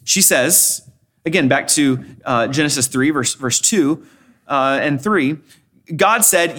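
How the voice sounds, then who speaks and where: Male preacher, high voice, expository sermon with frequent scripture quotes and emphatic repeats. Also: takes it slowly, bright, forceful tone. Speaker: pastor.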